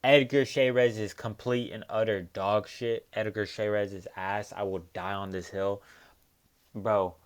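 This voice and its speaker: A man's voice: lowish voice, flat delivery, measured pace, clear, resonant tone. A young man hosting a casual solo fight recap, talking in profane, heated rants full of fillers. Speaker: MMA recap host.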